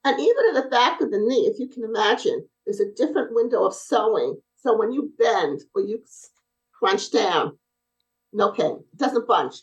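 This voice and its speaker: With a fairly high voice at a moderate pace, a middle-aged woman tells stories as a podcast guest, animatedly voicing the dialogue of the people involved. She owns a brace company, and the recording has its highs cut off.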